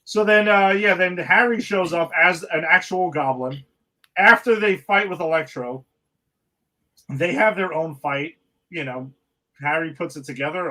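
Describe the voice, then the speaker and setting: Man, slightly high voice, casual podcast co-host, mocking plot recap. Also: moderate pace, sharp tone, rough recording. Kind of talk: casual movie recap chat.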